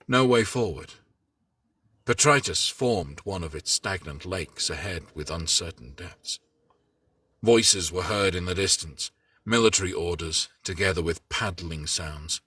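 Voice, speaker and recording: Man, host, dramatic story reading, husky, bright edge, distant dry mic. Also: low voice, no room sound. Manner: measured, dramatic narration. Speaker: host and reader.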